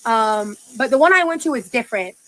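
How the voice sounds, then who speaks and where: A woman's voice: a little high, lively intonation, fairly quick, a bit bright, rough recording. A young woman livestreaming in casual chat, talking with valley-girl uptalk and lots of "like".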